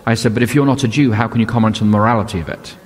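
A man's voice: fairly low pitch, fairly even intonation, rapid-fire. An older man preaching a sermon as a pastor, telling stories and asking rhetorical questions in a conversational way. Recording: long hall reverb.

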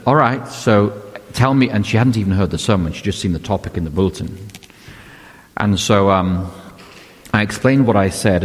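An older man preaching a sermon as a pastor, telling stories and asking rhetorical questions in a conversational way. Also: fairly low pitch. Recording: long hall reverb.

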